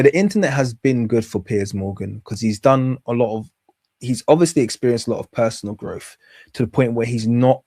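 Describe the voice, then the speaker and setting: A man talks through clips in a casual, rambling way, with a sarcastic edge and frequent chuckles. His voice is mid-pitched and recorded up close with a dry sound. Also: dark tone, dry recording. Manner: sarcastic, rambling, laughs at his own jokes. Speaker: commentary host.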